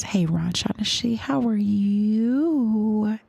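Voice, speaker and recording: A young woman streaming a live music reaction, gushing and excitable, at times dropping into awed whispers. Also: medium pitch, slow, long pauses, no echo.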